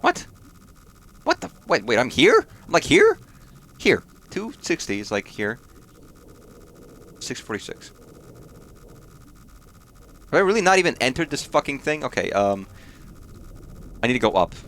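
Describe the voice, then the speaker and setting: Brief: male gaming streamer, mid-pitched, mutters and curses under his breath while he plays, jumpy reactions. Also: wildly swooping pitch, unhurried, long pauses, a bit bright, slight background noise. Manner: muttering, swearing, startled reactions. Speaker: host of a gaming channel. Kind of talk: let's play commentary.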